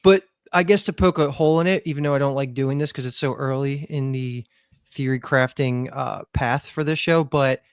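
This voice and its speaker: A man's voice: medium pitch, fairly even intonation, moderate pace, smooth, no echo. Hedging podcast co-host man. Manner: thoughtful, hedging, theorizing. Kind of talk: casual podcast chat.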